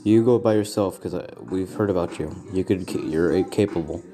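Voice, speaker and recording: A man voicing a male police officer handing out brisk assignments. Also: sits low, mellow, soft background music, close to an everyday voice.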